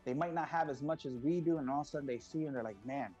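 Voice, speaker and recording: A middle-aged man tells stories as a guest on an interview show. He is animated and acts out other people's voices, with plenty of fillers. The audio is a little dull and lo-fi, with faint music underneath. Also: on the high side, very fast. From United States. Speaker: guest, parent behind a kids' YouTube channel. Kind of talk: casual interview storytelling.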